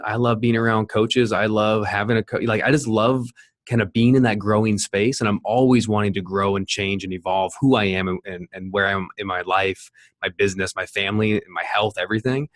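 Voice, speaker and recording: A man in his thirties with a low voice, hosting a podcast interview in a chatty, enthusiastic way. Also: fairly even intonation, a little fast, no echo, studio quality. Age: 30s. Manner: enthusiastic, rambling, many restarts. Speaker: podcast host. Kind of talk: casual interview chat.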